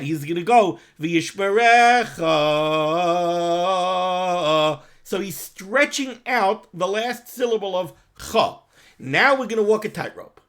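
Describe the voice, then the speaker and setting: Man, Torah teacher, animated classroom explanation, high-pitched, very expressive pitch. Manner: animated, quotes texts in Hebrew and Yiddish-flavored pronunciation. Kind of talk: daily halacha class.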